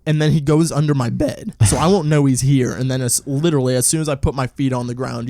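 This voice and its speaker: A young man co-hosting a podcast, chatting casually and telling profane, animated stories. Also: mid-range voice, fast talker, creaky, hardly any pauses, no room sound, studio quality. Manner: animated storyteller, profane, acts out voices. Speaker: podcast co-host. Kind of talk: casual chat.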